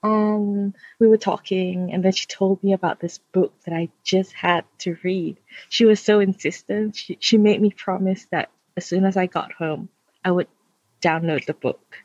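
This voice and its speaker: A woman telling a relaxed, self-mocking story about discovering a book. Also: medium pitch, normal speed, dry recording, lo-fi sound. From Australia. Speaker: fan group admin. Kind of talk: casual storytelling.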